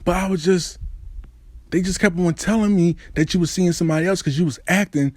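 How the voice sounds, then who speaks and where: A man quoting his quiet, apologetic girlfriend. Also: sits high, brisk, no echo. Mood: explaining. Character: soft-spoken girlfriend explaining herself, a woman.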